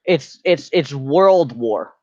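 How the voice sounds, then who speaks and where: A man's voice: on the high side, animated, slow pace, highs cut off, noisy background. A man giving a joking class presentation in a slangy, rambling, mock-serious way. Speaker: student presenter.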